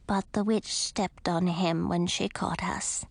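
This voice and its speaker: A woman voicing a tiny, sad spider in a breathy whisper. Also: fairly low pitch, steady tone, slow pace, no room sound, heavily acted.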